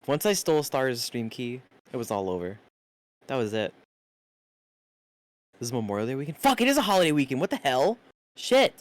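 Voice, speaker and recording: Male streamer, casual chat, animated swings in pitch, curses a lot. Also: moderate pace, pauses often. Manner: lively, swearing, laughing, reads chat aloud.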